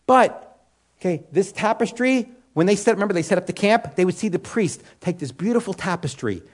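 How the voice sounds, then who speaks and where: A man's voice: sits high, expressive, a little fast. A man teaching a sermon in a conversational way, asking the room questions and answering them himself. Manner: conversational, with frequent "you know" and restarts. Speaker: Bible teacher.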